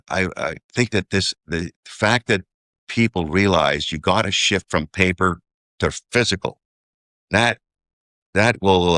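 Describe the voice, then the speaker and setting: A very low-pitched man with a bright, forceful edge, speaking as an interview guest. He rambles and works through figures out loud, tossing in "okay?" as he goes. The sound is close and dry. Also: dry recording. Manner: rambling, does sums aloud, keeps asking "okay?". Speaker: investor guest. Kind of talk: casual interview talk.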